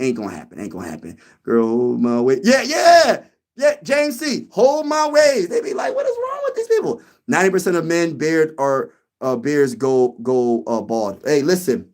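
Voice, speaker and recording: A young man from Pennsylvania hosting a casual sports talk stream, slangy and animated, repeating lines for emphasis. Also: on the high side. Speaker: sports show host. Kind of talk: casual live-stream chat.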